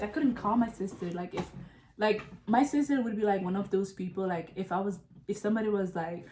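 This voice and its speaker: A young woman chats casually, spinning an animated and profane story for her listeners. Her voice sits at a middle pitch. The sound carries a roomy echo. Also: a little hiss or hum. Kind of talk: casual chat.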